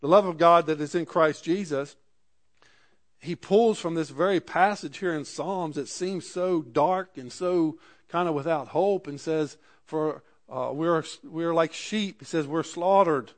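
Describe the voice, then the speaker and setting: A man's voice: a little high, unhurried. A man preaching a sermon, reading scripture aloud and explaining it in everyday words. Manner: reads scripture aloud and paraphrases it in plain speech.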